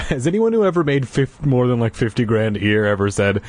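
A man's voice: medium pitch, fast. A man reading a children's book aloud casually, breaking off for sarcastic, profane jokes. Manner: lively, sarcastic, profane asides. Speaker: amateur reader.

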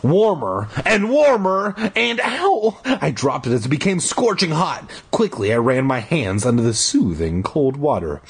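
A man's voice: mid-range voice, slightly rough. A man hosting a podcast who reads a book aloud and breaks off into profane, self-mocking rants. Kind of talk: comic reading with rants.

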